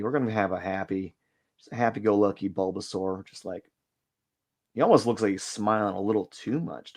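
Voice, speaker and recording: A man with a low, gravelly voice talks casually to his live-stream viewers while he draws. He thinks out loud in a rambling, hesitant way and often second-guesses himself. He is quick to call his own work rough. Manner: rambling, hesitant, self-questioning; self-deprecating about his work. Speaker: artist hosting a drawing live stream. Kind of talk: casual thinking-aloud commentary while sketching.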